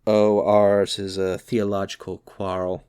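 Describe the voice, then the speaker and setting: A man voicing a discreet, scholarly musketeer in an audiobook reading, in a smooth, discreet manner. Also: fairly low pitch, flat delivery, a little slow, mellow, no echo, clean studio sound, lightly acted.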